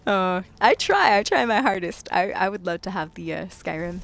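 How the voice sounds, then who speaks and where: A woman's voice: mid-range voice, animated, normal speed, a little hiss or hum. A woman game streamer chatting casually to her viewers, laughing often and talking straight to them. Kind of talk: casual live-stream chat.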